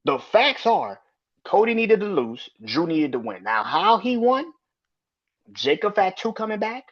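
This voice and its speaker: A man's voice: sits high, sing-song, a little slow. A man hosting a podcast, ranting bluntly and profanely about wrestling in casual, opinionated commentary. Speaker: podcast host. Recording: slightly dull lo-fi audio.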